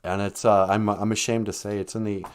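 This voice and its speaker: A man's voice: lowish voice, little pitch movement, a little fast. An older man hosting a live stream, telling chatty stories and laughing often as he talks. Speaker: host. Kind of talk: casual storytelling on a live stream.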